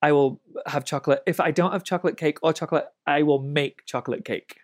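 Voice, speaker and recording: A woman in her late thirties telling stories as an interview guest, animated, laughing often and swearing freely. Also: low voice, fast talker. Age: late 30s. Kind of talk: casual storytelling.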